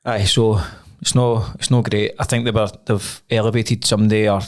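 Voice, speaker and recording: A man's voice: lowish voice, flat delivery, moderate pace. A young Scottish man co-hosting a podcast, chatting casually, rambling and swearing freely. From Scotland. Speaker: podcast co-host. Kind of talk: casual chat.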